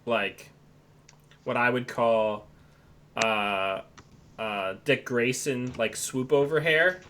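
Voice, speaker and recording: A man's voice: medium pitch, slow, bright, forceful tone, a little hiss or hum. A man narrating a tabletop game as game master, describing scenes loosely with many fillers.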